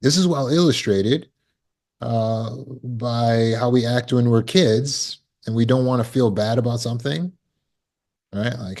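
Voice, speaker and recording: A man's voice: medium pitch, a little slow, darkish tone. A man coaching on trauma recovery in a casual talk, telling stories and acting out quoted people with big jumps in his voice.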